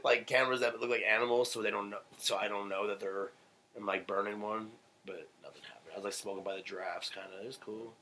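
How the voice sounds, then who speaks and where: A man's voice: fairly low pitch, steady tone, fast, bright, forceful tone, slight background noise, rough recording. A young adult man hosting a casual podcast, joking and laughing with a friend and often slipping into silly put-on voices. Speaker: podcast host.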